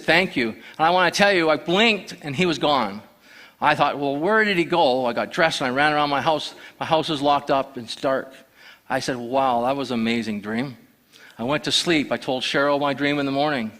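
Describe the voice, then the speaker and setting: A man's voice: fairly high pitch, fairly quick, sharp tone. A man telling his personal testimony to a church, earnestly storytelling and acting out the dialogue. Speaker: church member sharing testimony.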